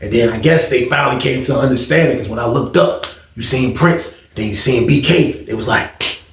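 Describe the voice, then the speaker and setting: A man telling a story in a casual, animated, slangy way, in an echoey room. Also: mid-range voice, moderate pace, creaky, a little hiss or hum.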